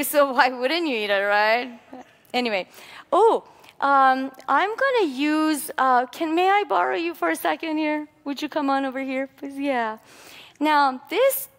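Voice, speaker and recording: A woman giving a lively, playful classroom lecture, coaxing volunteers into a demonstration. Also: sits high, unhurried. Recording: long hall reverb.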